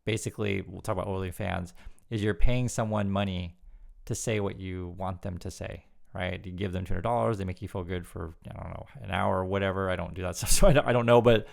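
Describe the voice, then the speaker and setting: Gravelly low-voiced man commenting casually. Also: fairly even intonation, a little fast. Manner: chatty, repeats words, laughs at the topic. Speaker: news commentary YouTuber.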